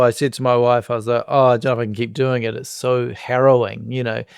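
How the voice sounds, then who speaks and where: Gravelly-voiced New Zealand man telling stories. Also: mid-range voice, no echo, studio quality. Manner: relaxed anecdotes, acts out voices and hums lines. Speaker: guest musician and comedian. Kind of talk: casual podcast chat, storytelling.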